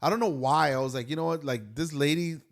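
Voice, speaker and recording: Fast and gravelly with a fairly high pitch, a young adult man co-hosting a podcast tells a lively tale about his day at work. He plays out every quoted back-and-forth as he goes.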